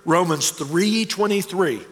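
A man voicing a stiff, formal, old-school businessman who mentors youth, speaking in a measured, proper, instructive way. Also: sits high, lively intonation. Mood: earnest coaching. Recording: long hall reverb.

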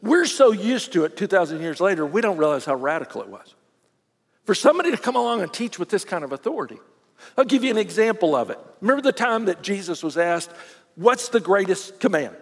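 A man preaching with a high, lively voice that swoops up and down as he acts out crowd reactions. His tone is a little husky, and the sermon rings with the long reverb of a big hall. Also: a little fast. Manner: animated preaching, acting out voices of crowds and scribes. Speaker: pastor.

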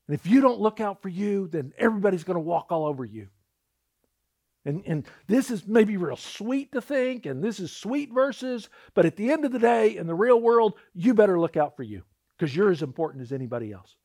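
Animated preaching man with lively pitch. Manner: storytelling, acts out quoted voices, repeats words when starting. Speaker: pastor. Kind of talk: sermon.

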